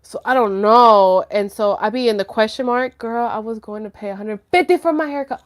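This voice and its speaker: A woman's voice: fairly high pitch, fairly quick. A young woman hosting a live stream, chatting casually and candidly with viewers in slangy speech full of fillers and the odd curse. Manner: laughs nervously when flustered. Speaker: livestream host answering viewer chat. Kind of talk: casual chat.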